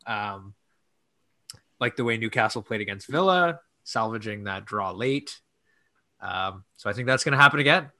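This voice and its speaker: Podcast host dude, bright lively voice, lots of ums. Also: male voice, on the low side, moderate pace. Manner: hesitant, filler-heavy. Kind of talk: casual chat.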